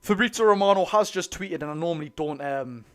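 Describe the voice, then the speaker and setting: A man with a Geordie accent chatting excitedly to his viewers during a live football watch-along. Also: fairly high pitch, a little fast. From North East England. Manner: chatty, excitable, keeps addressing the lads. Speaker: football fan streamer.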